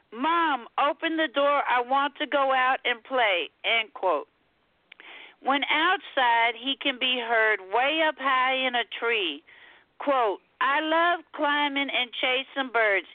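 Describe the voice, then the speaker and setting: A woman from Texas reads her poem aloud, calling in by phone. Her voice sits fairly high and she takes it slowly, marking quotes deliberately. The sound is a dry, tinny phone line. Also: dry recording. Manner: slow, deliberate reading, says quote and end quote. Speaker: caller reading a poem. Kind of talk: poetry reading over the phone.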